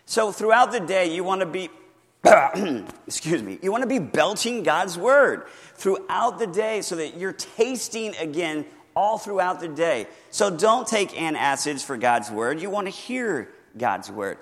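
A man's voice: sits high, animated, unhurried, a bit bright, in a large hall. A man preaching a teaching sermon from notes, talking conversationally, asking the congregation questions and stressing key words. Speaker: pastor.

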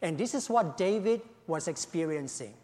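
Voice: medium pitch, animated, moderate pace, dark tone. A pastor leading an opening prayer and then preaching a sermon, speaking emphatically, repeating key phrases and often saying "you know". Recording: long reverb of a large hall.

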